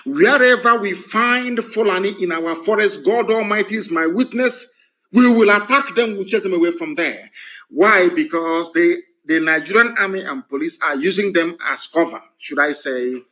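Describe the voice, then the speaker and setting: A middle-aged man speaking in a fiery, emphatic political broadcast. His voice sits a little high for a man, and he hammers home points with repeated phrases. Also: fairly bright tone. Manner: fiery, emphatic, rhetorical repetition. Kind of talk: live political broadcast speech.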